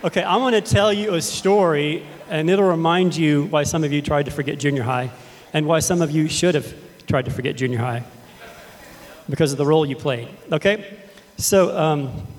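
Casual preacher from Texas, middle-aged man, slightly high voice, in a long reverberant sanctuary. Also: moderate pace. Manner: casual, conversational, addresses the congregation directly. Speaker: pastor. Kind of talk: sermon with storytelling. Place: church sanctuary.

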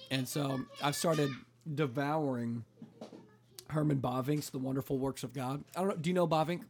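A man's voice: fairly high pitch, brisk, creaky, a little hiss or hum. A man in his thirties, a pastor hosting a podcast, talking in a casual chat with lots of fillers. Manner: relaxed, talkative, lots of "like" fillers.

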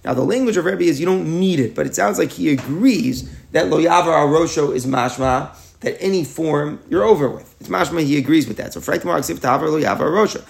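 Fast, gravelly Talmud teacher. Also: male voice, a little high, expressive. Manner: explains aloud with rhetorical questions, mixes Hebrew and Yiddish terms. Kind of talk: daily Talmud class lecture.

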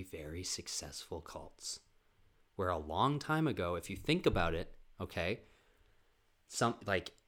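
Young male podcast comic, casual rambling storyteller, heavy swearing, average pitch. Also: fairly bright tone. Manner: profane, rambling, fast bursts.

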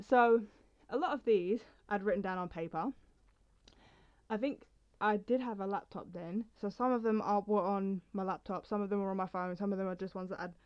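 On a slightly dull lo-fi recording, a young woman with a clean, mid-range voice chats about her poems and reads them. As a poetry vlogger, she's talkative and rambling, often interrupting herself.

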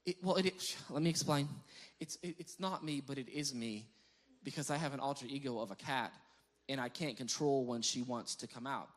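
A man's voice: mid-range voice, fairly quick, close to an everyday voice. A man retelling the words of an upset little girl from a school choir, in an earnest, pleading tone close to his own voice.

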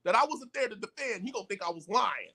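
A middle-aged man, a podcast guest, telling profane stories in an animated way and acting out the voices of the people in them. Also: high voice, fast, husky. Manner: excitable and profane, acts out voices in his stories. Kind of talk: animated storytelling in casual chat.

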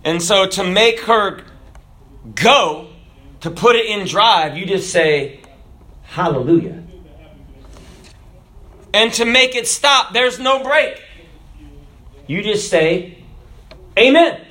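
A man preaching a sermon. He tells a joke in storyteller fashion, then reads scripture, often letting his voice fall low and soft at the ends of lines. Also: expressive, takes it slowly, pauses often. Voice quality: dramatic drops in pitch and volume at line ends.

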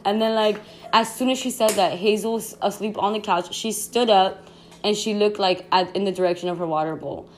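A young woman, hosting a podcast and telling a story in a rambling, slangy, excitable way full of fillers. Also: medium pitch, unhurried, a little hiss or hum. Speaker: podcast host. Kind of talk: casual storytime chat.

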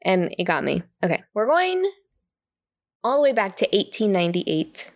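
A woman's voice: medium pitch, very animated, normal speed, noisy background. A woman co-hosting a podcast in casual chat, giggly and chatty, laughing often as she talks. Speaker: podcast co-host.

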